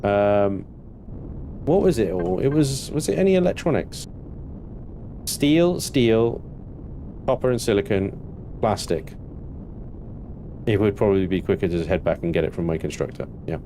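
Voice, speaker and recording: A man with a West Country English accent giving relaxed, muttering gameplay commentary, thinking aloud as he plays. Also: lowish voice, moderate pace, long pauses, a little hiss or hum. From West Country of England. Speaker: gaming youtuber.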